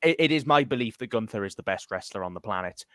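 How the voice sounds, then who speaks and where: A man's voice: on the low side, expressive, fast, fairly bright tone, dry recording, clean studio sound. A man on a casual podcast, enthusiastic, often stammering as he starts a sentence. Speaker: podcast co-host. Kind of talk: casual chat.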